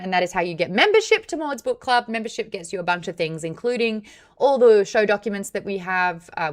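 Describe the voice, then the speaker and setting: Woman, book club stream host, slightly low voice, upbeat casual chat. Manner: chatty, upbeat, explaining with fillers and asides.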